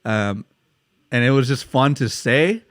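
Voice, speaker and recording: A man's voice: medium pitch, lively intonation, a little slow, a bit bright, no echo, clean studio sound. A young man from the United States co-hosting a podcast, chatting casually with lots of swearing and laughter. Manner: swears a lot, laughs while telling stories. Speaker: podcast co-host. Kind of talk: casual chat.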